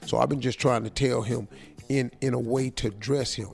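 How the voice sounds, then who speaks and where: A man hosting a radio morning show, giving comic advice in a joking, slangy, animated way. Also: medium pitch, normal speed, gravelly, soft background music. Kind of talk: comic advice talk, role-playing a letter writer.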